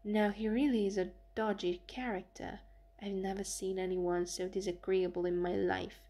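A woman's voice: mid-range voice, little pitch movement, moderate pace, warm tone, lightly acted. A woman voicing an irritable young female secretary who speaks crossly, half in a whisper.

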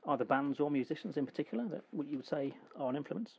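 Fast husky male radio host. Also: on the high side, expressive, lo-fi sound. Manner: quick, affable, hesitant with fillers. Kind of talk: radio interview. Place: radio studio.

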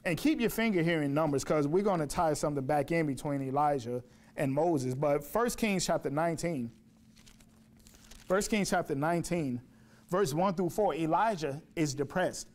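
A man's voice: fairly high pitch, expressive, moderate pace. A man preaching a sermon in a church, emphatic, repeating phrases and asking rhetorical questions. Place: church sanctuary.

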